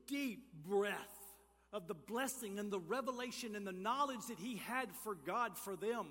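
Pastor, male, high bright voice, animated sermon delivery with loud peaks, long church-hall reverb. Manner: animated preaching, swings from quiet to shouting.

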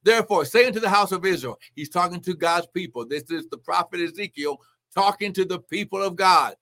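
Fervent high-voiced male preacher. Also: a little fast. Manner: fervent, exclamatory, swings between loud declaring and soft asides. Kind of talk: livestream sermon with donation appeal.

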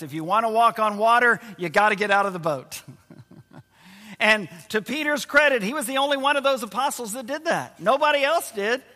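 Bright-voiced preacher in a reverberant hall. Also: male voice, high voice. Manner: earnest, repeats key phrases. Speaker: pastor. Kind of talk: sermon.

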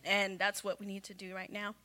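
A woman's voice: medium pitch, monotone, brisk, pushed and bright. A woman giving an earnest church farewell and urging listeners to rise to their callings. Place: church sanctuary.

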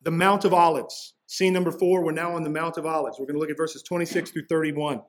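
A man delivers a sermon as pastor, his voice sitting a bit high for a man. He talks in a loose, conversational way and drops in casual asides as he explains. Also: fairly even intonation, quick pace.

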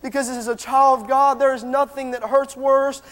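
A male preacher delivering a sermon in a strikingly high, strained voice that stays on a narrow band of notes. His delivery is fervent and impassioned as he addresses the congregation. The sound carries a long reverb from a large church hall. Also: flat delivery, moderate pace, fairly bright tone.

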